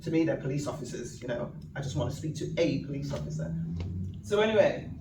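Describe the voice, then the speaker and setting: Animated Northern English woman telling stories. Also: low voice, fast, vocal fry. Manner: animated, laughs often, acts out quoted speech. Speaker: guest speaker. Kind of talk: personal storytelling talk at an event. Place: event venue hall. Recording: echoey hall, mic from far off, noisy.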